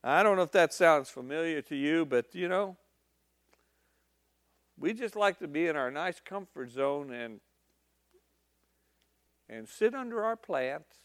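A male preacher delivering a sermon in an emphatic, conversational storytelling style. His voice sits high and his pace is slow and deliberate. The sound is close and dry. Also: lively intonation, a bit bright, no echo.

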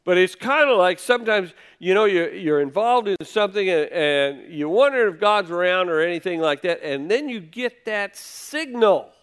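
Male preacher, somewhat high pitch, relaxed teaching sermon that mixes scripture reading with casual retelling. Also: normal speed, few pauses, smooth. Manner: conversational, paraphrases scripture in casual speech.

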